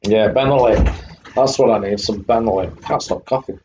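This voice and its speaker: A man with a lowish voice speaks at a moderate pace as he live-streams retro computer games, chatting with viewers and greeting them by name while fighting off a coughing fit. The stream audio is dull and lo-fi, with a faint hum.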